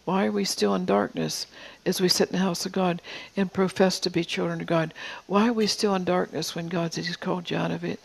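A preacher in their fifties or older giving an earnest sermon in a church, often dropping to a soft whisper for emphasis and repeating words. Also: medium pitch, little pitch movement, brisk, creaky, slightly rough, low-quality recording. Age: 50s or older.

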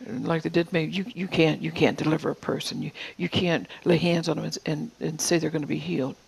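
Husky raspy older preacher, earnest sermon, stumbles and repeats words, goes quiet n whispery sometimes. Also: mid-range voice, fairly quick, poor audio. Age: 50s or older. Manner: earnest preaching that drops to soft whispers for emphasis. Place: church.

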